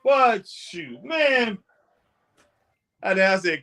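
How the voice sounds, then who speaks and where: A man's voice: high-pitched, big pitch swings, moderate pace, fairly bright tone. A man co-hosting a casual chat about a live wrestling show. He laughs often and keeps saying "boy" and "man". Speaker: co-host.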